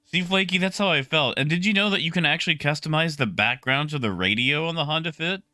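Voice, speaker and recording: A young man casually chatting with his stream viewers, relaxed and talkative, greeting people by name. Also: on the high side, fast talker, no echo, clean studio sound. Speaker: livestreamer.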